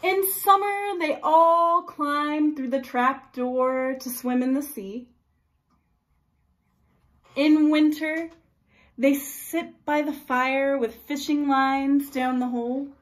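A preschool teacher reading a storybook aloud to young children in a slow, expressive, sing-song way. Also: female voice, high-pitched, low-quality recording.

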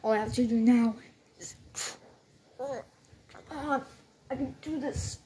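A woman doing playful toy role-play, voicing every character with bouncy, excitable lines and frequent sound effects. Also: a little high, slow pace, slight background noise.

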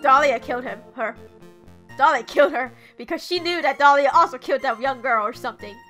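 A woman's voice: high voice, a little fast, bright, forceful tone, soft background music. Swearing young woman gaming. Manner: swearing, rambling. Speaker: let's play commentator. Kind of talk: casual gaming commentary.

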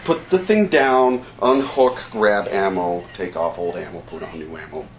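A man telling a comic war story to a live convention audience, laughing and acting out shouts and sound effects. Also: low-pitched, unhurried, a little hiss or hum, poor audio. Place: convention stage.

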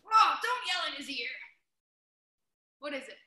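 A woman instructor runs a children's martial arts class, shouting commands and playful cues. Her voice is high, very bright and swings widely in pitch. She speaks slowly, in a roomy echo. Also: big pitch swings.

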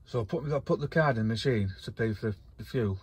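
A man's voice: mid-range voice, brisk, darkish tone, slightly rough. A man, talking casually and rambling in a vlog from his camper van, swearing a lot and getting worked up. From North West England. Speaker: vlogger.

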